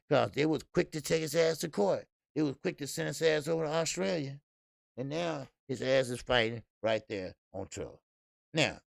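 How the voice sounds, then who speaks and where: A man with a heavy gravelly rasp hosts a casual live boxing stream, dropping slang and swear words as he rambles. He shouts out viewers by name as he goes. The sound is close and dry, with no room around it. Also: medium pitch, no echo. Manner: loose, profane, talks to the chat. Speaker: boxing show host.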